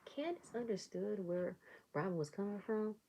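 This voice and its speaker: A woman's voice: medium pitch, lively intonation, moderate pace, dark tone, slightly rough, low-quality recording. A woman giving a casual review of a reality show episode, with sarcastic commentary and mock reactions. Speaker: reality TV recap vlogger.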